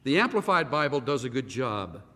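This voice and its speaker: A man preaching a sermon as a pastor, animated and firing rhetorical questions at the congregation. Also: mid-range voice, normal speed. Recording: reverberant hall.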